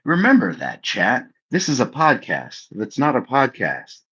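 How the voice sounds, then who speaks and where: A man's voice: mid-range voice, huge pitch swings, measured pace, fairly bright tone, husky. A young man co-hosting a casual livestream, talking loosely with casual swearing. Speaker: co-host of a livestream. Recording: slightly dull lo-fi sound.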